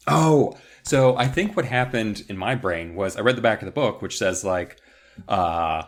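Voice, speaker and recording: A man's voice: on the low side, normal speed. A man co-hosting a podcast, recapping a book in a rambling, joking casual chat. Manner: rambling, joking, lots of fillers. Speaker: podcast co-host.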